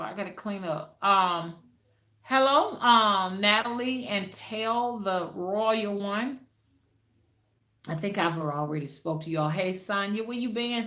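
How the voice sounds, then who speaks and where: A woman talks to her livestream viewers in a loose, chatty way, preaching her views and calling out their names as they arrive. Her voice is bright and carries some edge. The room behind her rings with echo. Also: mid-range voice. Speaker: spiritual rootworker hosting a livestream. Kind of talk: casual livestream talk.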